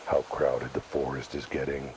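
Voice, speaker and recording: A world-weary detective cat in a noir game, his voice extremely deep and nearly flat in pitch. He delivers every line in a dry, sardonic deadpan. There is a faint hiss of noise behind him. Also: moderate pace. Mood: wry. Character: world-weary cat detective, middle-aged male, wry. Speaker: game character.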